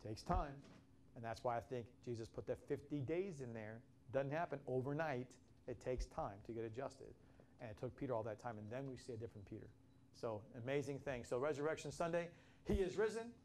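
A man's voice: mid-range voice, animated, a little fast, darkish tone, slight background noise. Impassioned male preacher. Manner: impassioned, with frequent restarts and dramatic quotes. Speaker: pastor. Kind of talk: sermon.

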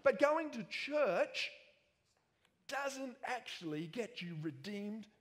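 A man with an Australian accent preaches a sermon with a fairly high voice, joking and animated, with self-mocking asides. His voice carries a long reverb through the church hall. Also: slow pace.

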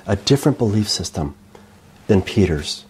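A male preacher delivering a sermon with rhetorical questions and emphatic, expressive delivery. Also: fairly low pitch, moderate pace, slight background noise.

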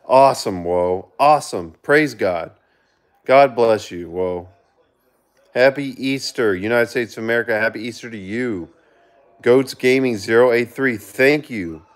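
A man hosting a casual live stream, reading viewer comments aloud and giving shout-outs, earnest with sudden excited outbursts. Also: mid-range voice. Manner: reads chat aloud and gives quick shout-outs. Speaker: livestreamer reading viewer chat.

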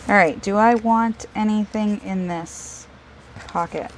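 A woman's voice: mid-range voice, steady tone, takes it slowly, a little hiss or hum, low-quality recording. A woman hosting a casual crafting video, chatting and joking at herself as she works. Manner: chatty, self-deprecating, talks to herself while working.

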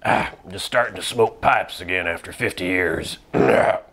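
A man's voice: deep voice, a little slow, gravelly, fairly bright tone, slightly rough, voice pushed down, heavily acted. A man voicing an older male pipe smoker with a thick, phlegmy throat and a plain, questioning way of talking. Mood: puzzled.

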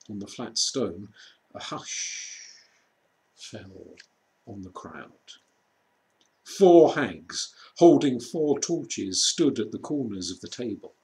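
A man reading a children's storybook aloud, slow and measured with dramatic pauses. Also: mid-range voice. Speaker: reader.

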